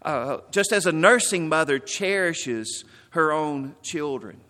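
A man preaching a sermon as pastor, telling stories and stressing words, then dropping softly. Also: on the high side, lively intonation, slow pace, big-room sound.

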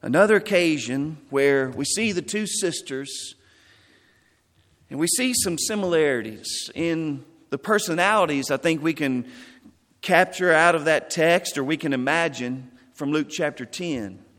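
A man preaching a sermon, expressive, acting out the quoted lines of the people in the passage. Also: on the high side, measured pace. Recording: long hall reverb.

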